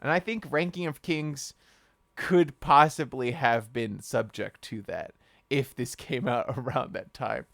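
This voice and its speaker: A man co-hosting a casual podcast, joking in a deadpan way and often breaking into laughter. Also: mid-range voice, measured pace, creaky, no room sound, studio quality. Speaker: podcast co-host.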